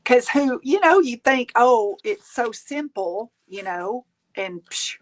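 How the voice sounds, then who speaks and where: A woman's voice: a little high, expressive, slow pace. A middle-aged woman hosting a craft livestream, chatting casually, laughing often and reading viewer comments aloud. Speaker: craft channel host. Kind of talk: casual chat while crafting.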